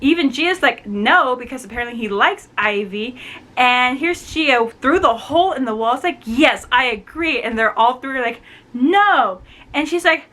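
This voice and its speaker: A young adult woman retelling a book's plot in a chatty, animated way, full of fillers. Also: high voice, normal speed. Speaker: book reviewer. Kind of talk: casual book review chat.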